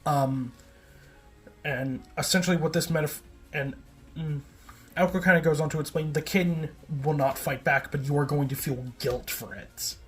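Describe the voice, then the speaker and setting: Soft music plays behind a video essayist whose voice sits on the high side, a bit bright and fairly even in intonation. At a moderate pace, he rambles through a casual recap, correcting himself and padding with "like" and "um."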